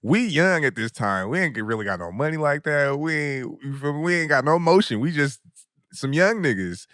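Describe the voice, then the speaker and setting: A young adult man hosting a podcast, telling a story in a casual, animated way. He laughs often mid-story and uses a lot of slang and profanity. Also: a little high, normal speed, dry recording, studio quality. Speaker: podcast host.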